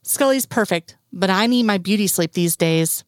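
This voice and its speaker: A woman reading a story aloud, voicing a wry, affectionate man in her own voice, low-key and intimate. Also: normal speed, no echo, studio quality, close to an everyday voice.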